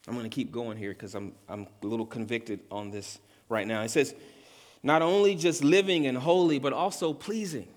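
A pastor preaching a sermon with earnest emphasis, repeating key words and rising in pitch and volume at his climactic points. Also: normal speed. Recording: long hall reverb.

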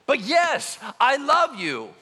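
A man's voice: fairly high pitch, sing-song, moderate pace, bright, forceful tone, in a large hall, pitched below the performer's own voice, heavily acted. A man voicing an anxious male apostle who feels like a failure, talking defensively and stammering. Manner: defensive, self-doubting, stammering.

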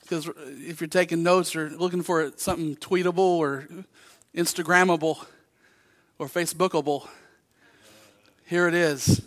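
A male pastor preaching a sermon, telling stories with lively acted-out voices. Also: on the high side, normal speed, pauses often. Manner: animated storytelling, acts out voices in anecdotes.

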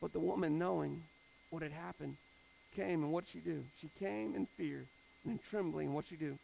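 High, gravelly-voiced male preacher. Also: moderate pace, a little hiss or hum, rough recording. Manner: animated, conversational, repeating phrases for emphasis. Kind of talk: sermon.

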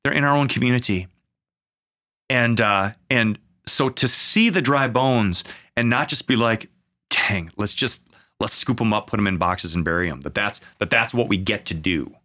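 A man speaking as a pastor in a conversational podcast, earnest, with many fillers, slowing into a preaching cadence at times. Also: on the low side, sharp tone. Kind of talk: conversational podcast talk on faith.

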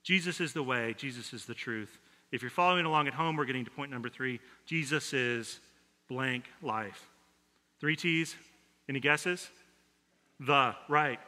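A man preaching a sermon as pastor, telling a story in a conversational way and dropping his voice soft when he quotes people. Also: medium pitch, normal speed. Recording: long reverb of a large hall.

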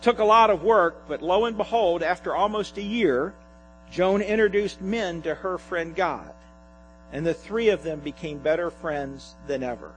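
A man preaching a sermon, reading a humorous sketch aloud in an animated storytelling manner. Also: high-pitched, normal speed, soft background music, poor audio. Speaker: pastor.

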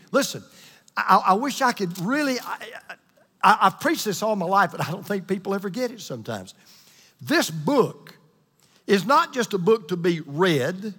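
A man preaching a sermon to a congregation, with an emphatic, repetitive cadence that slows down for key lines. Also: high voice, big pitch swings, sharp tone, husky, long reverb tail. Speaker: pastor. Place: church hall with congregation.

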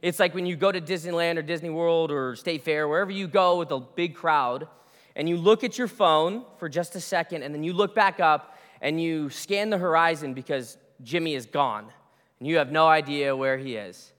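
Male pastor, bright high voice, chatty sermon delivery, long hall reverb. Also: normal speed, clean tone. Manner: conversational, restarts phrases, storytelling asides.

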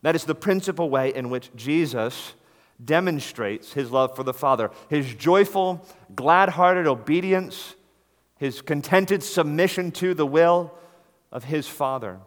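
A man's voice: a little high, animated, a little slow. A man preaching a sermon in an earnest, emphatic way, stressing key words. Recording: long reverb of a large hall.

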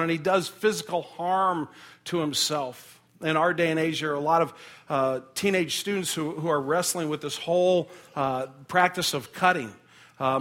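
A man's voice: on the high side, fairly bright tone. A middle-aged man preaching a sermon in an earnest, conversational way, often repeating words and restarting phrases. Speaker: pastor.

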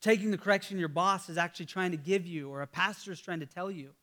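A man's voice: high-pitched, fast, bright, forceful tone. A man in his thirties, a pastor, preaching a sermon in a conversational storytelling way, with fillers and restarts.

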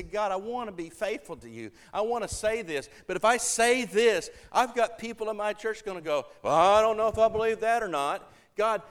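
A male preacher delivering a sermon to his congregation, his voice pitched fairly high. He speaks earnestly and with emphasis, pressing into fervent appeals. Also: fairly bright tone. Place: church before a congregation.

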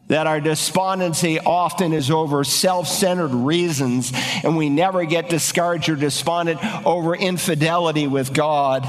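A man preaching an expository sermon, speaking emphatically and asking the congregation rhetorical questions. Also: fairly high pitch. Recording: reverberant hall with faint music.

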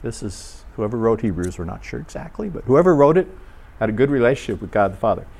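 A man delivers a loose, chatty sermon to a gathered audience. His voice sits in a middle pitch as he asks his listeners questions. He slips into short quoted voices along the way. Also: big pitch swings, quick pace, creaky, darkish tone. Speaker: preacher. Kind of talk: conversational sermon.

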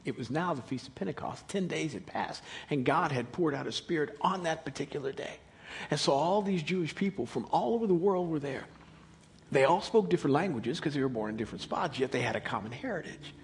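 A man preaches in a high, husky voice that leaps up and down in pitch. He plays out the scenes of the story, dropping almost to a whisper and then rising to loud, excited lines. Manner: animated preaching, acting out Bible characters, swinging from hushed to loud. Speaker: pastor. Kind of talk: sermon.

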